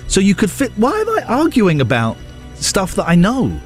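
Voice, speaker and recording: A man's voice: high voice, wildly swooping pitch, moderate pace, faint music behind. A man hosting a casual morning radio show, bantering in a playful, mock-indignant way. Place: radio studio. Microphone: studio microphone.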